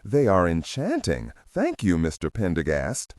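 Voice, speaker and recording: A prim small-town matron who is quick to scold and easily flustered, as a male narrator reads her. The voice is low, husky and dry. The pitch swings widely. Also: huge pitch swings, darkish tone, no room sound, full character voice. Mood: stern then charmed.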